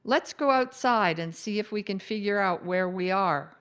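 A woman voicing a bossy, cheerful female ghost who likes to meddle, in a brisk, upbeat way. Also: mid-range voice, a bit bright, clear, resonant tone, lightly acted.

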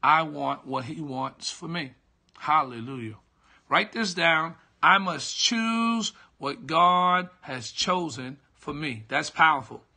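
A middle-aged man, a pastor, teaching a devotional slowly and repetitively, checking that listeners follow and greeting viewers by name. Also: fairly high pitch, expressive, bright, forceful tone. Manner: slow, repetitive teaching with call-and-response checks. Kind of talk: live-streamed devotional teaching.

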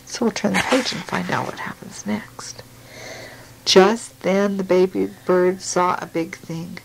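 A woman reading a picture book aloud to a child, gently and slowly, stopping to ask questions. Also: on the low side, fairly even intonation, gravelly, noisy background.

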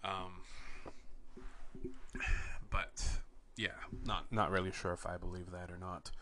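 A young man from Canada hosting a podcast, telling wry, rambling anecdotes in a deadpan way. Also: low-pitched, takes it slowly. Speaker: podcast host. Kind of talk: casual storytelling.

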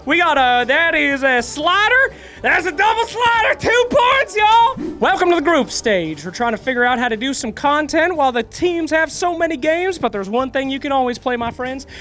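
A man hosting a comedy bit at a gaming event, his voice pitched extremely high. He talks in an exaggerated, excitable way and often breaks into shouts. Soft music plays faintly behind him. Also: moderate pace, few pauses. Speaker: event host. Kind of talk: comedic hype segment. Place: esports event venue, indoors.

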